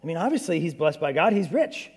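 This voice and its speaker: A man's voice: a little high, sing-song, fast talker, darkish tone, breathy edge, big-room sound, full character voice. A man voicing a group of baffled male disciples who protest in rising, incredulous questions.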